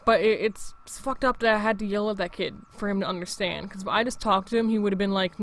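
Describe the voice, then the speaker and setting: A man's voice: high voice, fairly even intonation, quick pace, few pauses, fairly bright tone. A young man in his late teens, hosting his own show in a rambling, profane casual monologue full of restarts. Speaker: show host.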